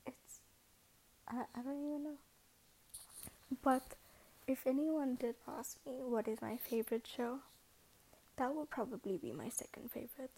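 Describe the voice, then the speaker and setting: A woman's voice: high voice, a little slow, long pauses, warm tone, low-quality recording. A young woman hosting a casual podcast, rambling and self-mocking, often dropping into a whisper. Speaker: podcast host. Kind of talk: casual monologue.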